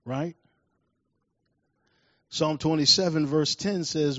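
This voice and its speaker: A man from Washington, D.C. preaching a sermon, telling personal stories with lively acted-out scenes and dropping to a soft, quiet tone when he reflects. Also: medium pitch, moderate pace, dry recording, muffled recording. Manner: animated storytelling, acts out scenes loudly.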